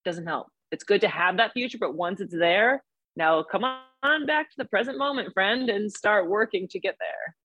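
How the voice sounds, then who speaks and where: A woman with a New York accent, a mental performance coach explaining things step by step in an energetic podcast interview. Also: medium pitch, moderate pace, muffled recording. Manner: energetic, explains in steps with examples.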